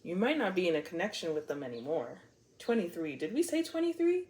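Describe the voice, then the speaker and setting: A woman's voice: on the low side, very animated, fairly quick, darkish tone. A woman giving a casual tarot reading to camera, playful and blunt, swearing freely and laughing often. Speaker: tarot reader.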